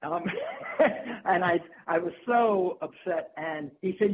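A woman's voice: deep voice, normal speed, husky. Woman telling stories over a phone line. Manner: lively, laughs often, restarts a lot. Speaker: tennis broadcaster, guest. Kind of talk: anecdotal interview storytelling. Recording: tinny phone line with faint hum.

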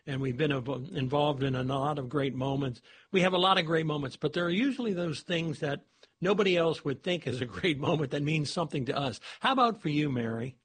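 Male sports radio host with a slightly husky, higher voice, chatting easily with his guest. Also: a little fast, a bit bright. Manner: conversational, with fillers and restarts. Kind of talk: radio interview.

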